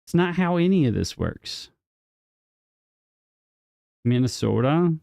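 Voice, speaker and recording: A man's voice: fairly high pitch, big pitch swings, slow, gravelly, pauses often, mellow, no room sound, clean studio sound. A man live-streaming a city-building game, chatting casually and joking with viewers in chat while he plays. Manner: chatty, jokey, talks to chat viewers by name.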